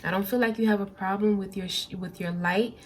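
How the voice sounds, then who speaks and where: A woman's voice: medium pitch, steady tone, a little fast. A woman doing a pick-a-card tarot reading in a mid-range voice. She talks casually and speaks straight to her viewers, often repeating and restarting her phrases. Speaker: tarot reader.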